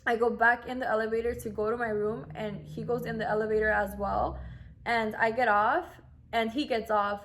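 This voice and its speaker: A woman's voice: a little high, fairly even intonation, moderate pace, fairly bright tone, a little hiss or hum. A young woman in her twenties, casually telling a personal story, full of "like" and acting out what others said. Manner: chatty, acts out quoted voices, lots of "like". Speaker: vlogger.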